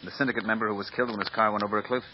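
A man's voice: fairly low pitch, steady tone, very fast, background noise, lightly acted. An actor playing a clipped, businesslike male police lieutenant in a 1950s radio drama. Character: brisk, matter-of-fact male police lieutenant. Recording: dull lo-fi old radio recording.

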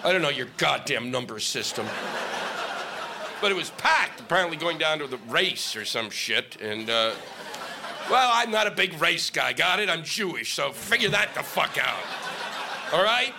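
A man's voice: fairly high pitch, sing-song, normal speed, gravelly, background noise. A middle-aged male stand-up comic on stage, ranting in a sarcastic, profane way. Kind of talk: stand-up comedy set. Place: comedy stage before a live audience.

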